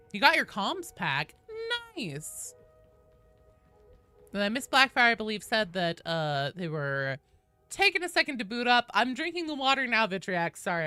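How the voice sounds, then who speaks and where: A woman streaming a game, chatting casually with viewers, greeting them loudly and swearing freely. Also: medium pitch.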